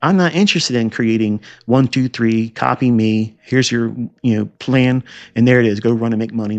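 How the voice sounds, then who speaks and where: Emphatic man with a gravelly voice. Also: medium pitch, normal speed. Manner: emphatic, repetitive, rhetorical questions, scolding asides. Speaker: trading educator. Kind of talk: chart walkthrough lecture.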